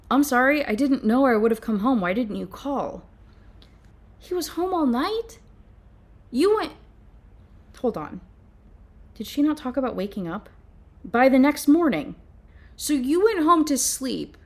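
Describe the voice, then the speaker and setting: A young woman talks through a novel she is reviewing, reading bits aloud and then cutting in with exasperated commentary. She sounds animated and fed up. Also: a little high. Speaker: book reviewer. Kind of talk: ranting book review with read-aloud passages.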